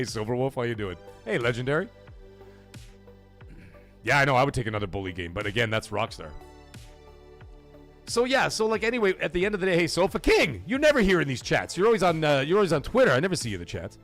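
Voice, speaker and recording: A man's voice: mid-range voice, fairly bright tone. A man hosting a live gaming podcast stream, ranting profanely and greeting his chat by name.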